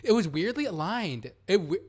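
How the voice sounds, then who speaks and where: Animated young man telling a story. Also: high voice, moderate pace. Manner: animated, swearing, acts out quotes. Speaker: podcast host. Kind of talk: casual storytelling chat.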